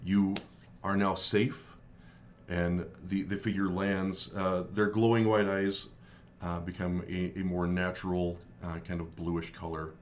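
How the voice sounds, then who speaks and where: A man with a very low, deep voice narrates a tabletop adventure as game master. He talks in halting bursts, full of ums and restarts. A faint hiss of ambient noise sits under the recording. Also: little pitch movement, lo-fi sound. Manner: halting, many fillers and restarts.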